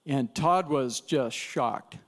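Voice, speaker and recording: A man's voice: mid-range voice, slow. A man teaching an evangelism class at church, telling stories in a chatty way with laughs and restarts. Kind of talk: casual storytelling lesson.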